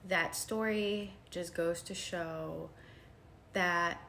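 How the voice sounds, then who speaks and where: Woman vlogger, unhurried and a touch low, casual storytelling, faint hiss behind her. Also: creaky. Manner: animated, addresses viewers as y'all, swings from hushed to shouting.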